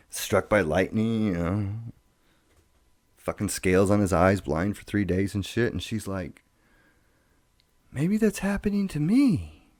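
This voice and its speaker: A middle-aged man telling his life story in casual talk, profane and rambling, with halting restarts. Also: low voice, a little mellow, no room sound.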